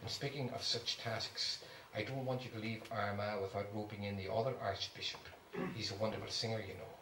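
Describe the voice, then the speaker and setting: A man voicing a gentle, shy, cultured older archbishop who speaks softly, in an echoey room heard from far off. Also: lowish voice, steady tone, a little fast, a little hiss or hum, close to an everyday voice. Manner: soft-spoken, delicate.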